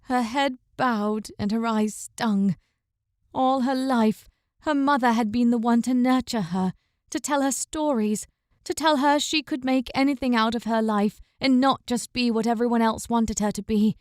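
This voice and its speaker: A woman narrating a fantasy audiobook in a measured, even storytelling manner. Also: fairly high pitch, no echo. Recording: dry, close recording.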